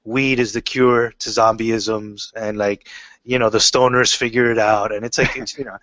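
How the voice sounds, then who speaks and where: A man's voice: lowish voice, moderate pace, no echo, lo-fi sound. A man chatting casually in an interview about his writing, telling stories in a loose way with lots of fillers and restarts. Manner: relaxed storytelling, many fillers and restarts. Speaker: comic book writer.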